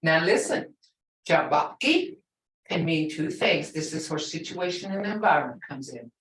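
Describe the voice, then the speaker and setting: A middle-aged woman teaching a live language lesson, repeating words slowly and patiently for her learners. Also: on the low side. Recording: echoey room, far from the mic.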